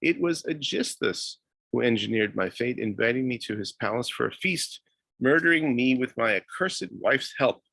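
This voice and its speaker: A man reading aloud as a bitter, proud dead king, with halting pauses. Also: medium pitch, expressive, gravelly, fairly bright tone, dry recording.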